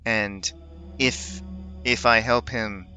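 A man voicing a weary, grieving village priest who speaks haltingly, sighing and choking up. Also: lowish voice, steady tone, bright, forceful tone, soft background music, full character voice. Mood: weary grief. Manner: halting, sighing, choked-up speech.

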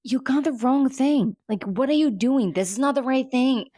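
A woman co-hosting a casual recap chat about a TV episode, playful and joking with quick quips. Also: sits high, warm tone, no room sound, studio quality. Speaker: podcast co-host.

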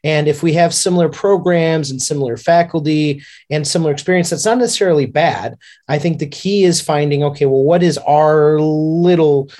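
Measured man with a slightly high voice. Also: mellow. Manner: thoughtful, measured, hedging with fillers. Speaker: podcast panelist. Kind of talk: casual discussion.

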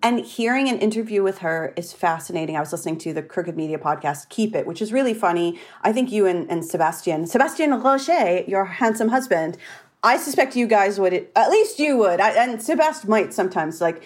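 A woman hosting a podcast in a loose, joking way. She chats casually and swears freely. Her voice sits at a medium pitch. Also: animated, a little fast. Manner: profane, joking, chatty. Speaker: podcast host. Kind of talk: casual chat.

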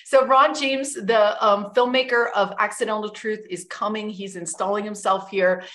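A woman's voice: medium pitch, fairly even intonation, normal speed, a bit bright. A young adult woman hosting a livestream, talking in a chatty, enthusiastic way with many fillers and asides. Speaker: host. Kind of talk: casual livestream talk.

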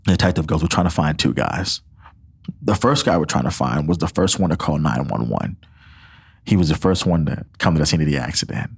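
A young man guesting on a podcast shares a personal faith testimony, earnest and emotional, acting out what others said and laughing often. His bass voice has lively intonation, vocal fry and a breathy edge, and he speaks fairly quickly.

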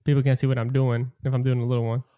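Mellow, laid-back young man. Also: mid-range voice, level tone, very fast, clean tone. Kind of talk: casual chat.

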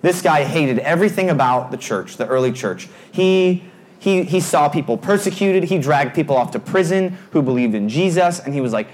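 A young man preaching in a casual storytelling way. His voice rides up high and swoops back down as he acts out his own panic, and his pitch sits a bit above most men's. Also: animated, normal speed, a little mellow. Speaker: youth pastor. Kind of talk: storytelling sermon.

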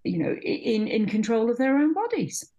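A woman's voice: on the high side, big pitch swings, brisk, dark tone, dull audio. A middle-aged woman who teaches midwifery, speaking in an interview with passion and emphatic repetition. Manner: passionate, emphatic, repeats words when stressing a point. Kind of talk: conversational interview.

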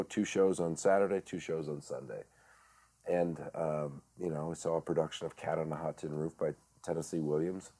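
Guest: middle-aged man with a very deep voice, halting and reflective, lots of fillers. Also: warm tone. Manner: halting, many fillers and restarts. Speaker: guest, director and actor. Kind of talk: reflective storytelling.

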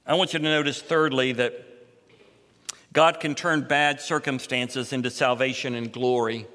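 Bright-voiced preacher in a reverberant hall. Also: male voice, fairly even intonation, moderate pace. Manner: expository preaching, rising in pitch and force for emphasis. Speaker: pastor. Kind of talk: sermon.

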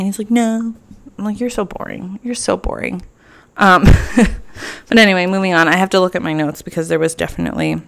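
A woman's voice: fairly low pitch, a bit bright. A young woman hosting her own podcast, chatting casually and playfully petty, with lots of filler words. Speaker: podcast host. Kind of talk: casual solo podcast chat.

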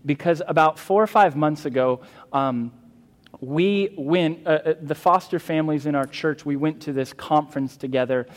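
Earnest pastor preaching in a reverberant hall. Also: male voice, on the high side, normal speed. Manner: earnest, emphatic, with fillers and restarts. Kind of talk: sermon.

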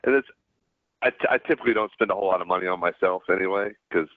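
Middle-aged Southern man, interview guest, halting storyteller, low voice over a tinny line. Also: no room sound. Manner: halting, many restarts and fillers. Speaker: guest, former pro pitcher. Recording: dry, tinny phone-like line.

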